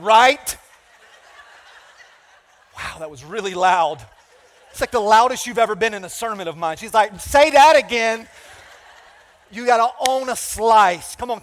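A man preaching a sermon as pastor, energetic and playful, calling out to the congregation for responses. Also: extremely high pitch, big-room sound.

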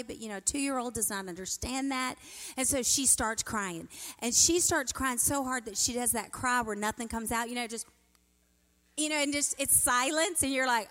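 A middle-aged woman giving a sermon as a guest speaker, telling stories in an animated way and acting out the quotes. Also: fairly high pitch, normal speed. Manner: animated, storytelling, acts out quotes. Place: church sanctuary. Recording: reverberant church hall.

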